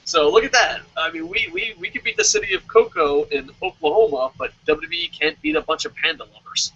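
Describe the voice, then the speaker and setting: A man hosting a casual wrestling talk show, animated and jokey, swearing and singing little sound effects. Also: fairly high pitch, fairly quick, creaky, lo-fi sound, a little hiss or hum. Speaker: podcast host. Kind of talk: casual chat. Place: lives in Japan.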